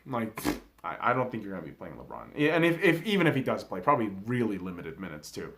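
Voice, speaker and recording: A young man hosting a podcast, talking sports in a casual, profane, excitable monologue with big swings in volume. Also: lowish voice, fast. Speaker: podcast host.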